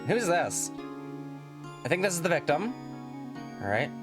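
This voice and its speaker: A woman's voice: fairly low pitch, big pitch swings, a little slow, music in the background. A woman streamer chatting casually while playing a story game, with offhand, wry asides.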